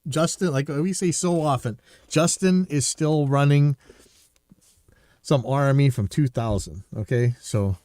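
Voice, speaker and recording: A man talks through a live stream in a loose, opinionated way, stumbling over restarts as he goes. His voice sits at an everyday middle pitch. The sound is dry and close, with no room around it. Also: a little slow, darkish tone, no room sound. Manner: rambling, opinionated, restarts often. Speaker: podcast host reacting to a video. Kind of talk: casual live-stream commentary.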